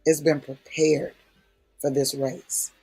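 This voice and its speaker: A man's voice: on the high side, flat delivery, slow pace, dark tone, breathy edge, faint music behind. A man preaching in a prayer session, talking in a folksy, emphatic way and repeating key phrases for weight. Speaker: prayer speaker.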